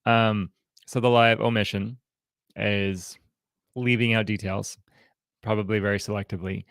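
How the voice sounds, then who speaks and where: A man with a fairly low, gravelly voice gives an informal teaching talk to a counseling group. He speaks haltingly, often restarting and repeating words as he feels his way through each point. The sound is close and dry, with no room echo. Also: level tone, a bit bright. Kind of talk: informal teaching talk with role-played examples.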